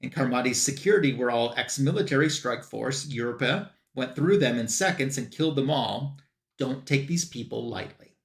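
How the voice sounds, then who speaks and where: A man on a comic book show giving a casual plot recap and quoting characters in quick bursts. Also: mid-range voice, echoey room. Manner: retells scenes with quick quoted voices for characters.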